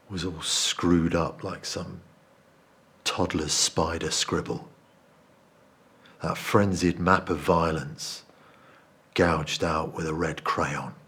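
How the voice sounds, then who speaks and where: A deep-voiced man plays a guilt-ridden narrator, telling his story in a low, hushed, confessional tone. The piece is a dramatic stage-style monologue with an intimate, quiet delivery. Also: exaggerated voice. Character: remorseful man confessing a cowardly betrayal. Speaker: actor performing a monologue.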